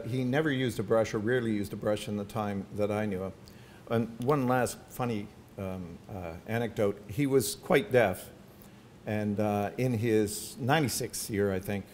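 A man's voice: lowish voice, slight background noise. Older man telling family anecdotes. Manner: warm anecdotal storytelling with asides. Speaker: featured speaker at a symposium. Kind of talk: personal talk to an audience. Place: university hall with audience. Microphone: podium microphone.

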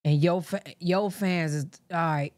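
Slow-talking woman giving blunt reaction commentary. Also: lowish voice, a little mellow. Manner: blunt, profane, laughing asides. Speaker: reaction channel host.

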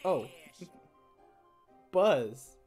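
Young woman, gaming host, casual commentary, jokey and self-mocking, low pitch, lively intonation. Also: drawn-out words, slightly rough, faint music behind.

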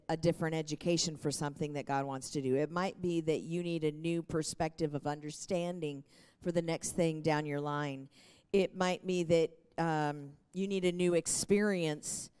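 A woman's voice: sits low, steady tone, normal speed, a little mellow, clear, resonant tone. A middle-aged woman preaching a sermon in an earnest, encouraging way. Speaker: pastor.

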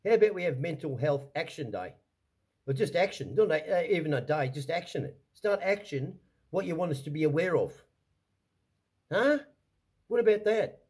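Angry, husky Australian man ranting. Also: fairly high pitch, expressive, normal speed, long pauses, a little mellow. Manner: swearing, heated, repetitive restarts. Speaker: vlogger.

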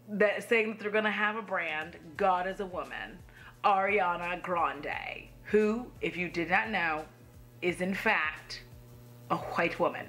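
A woman's voice: medium pitch, bright, forceful tone. A young woman giving blunt, sassy makeup commentary from home, swearing casually. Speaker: beauty YouTuber.

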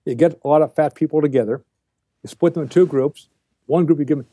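A man's voice: a little high, quick pace, warm tone, no echo, studio quality. An older man speaking as a guest on a podcast interview, lecturing bluntly and with emphasis. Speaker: guest, diet researcher.

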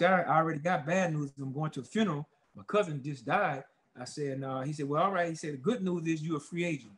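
Man, ex football player, interview guest with a somewhat high voice, rambles through animated stories. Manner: rambling, animated storytelling with many fillers. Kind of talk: casual storytelling interview.

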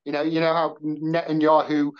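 A man's voice: a little high, completely flat delivery, normal speed, clear, resonant tone. West Midlands man on dull call audio. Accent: West Midlands English. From Wolverhampton, England. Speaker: podcast guest. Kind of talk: casual video-call chat.

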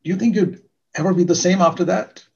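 A man's voice: high-pitched, fast, gravelly, darkish tone, lo-fi sound. An older man preaching a sermon in an earnest, emphatic way, repeating key words for stress.

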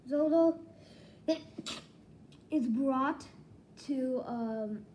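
A woman with a fairly high voice gives a casual spoken manga review. She talks slowly but excitably and keeps reaching for "like" as she rambles along. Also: slight background noise, rough recording. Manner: rambling, excitable, heavy use of "like".

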